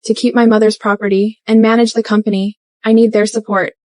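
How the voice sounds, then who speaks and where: A woman's voice: a little high, little pitch movement, a little fast, a little mellow, dry recording, lightly acted. An actress voicing a poised young woman who has just become a company chairwoman, speaking in a composed, firm way. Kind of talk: dubbed drama dialogue.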